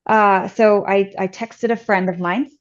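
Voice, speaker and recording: A woman talks casually as a podcast guest, chatty and loose, dropping "like" into almost every phrase. Her voice sits at an ordinary middle pitch. The recording sounds dull and a little lo-fi. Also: unhurried. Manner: chatty, many "like" fillers, lively acted-out quotes. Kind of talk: casual personal storytelling.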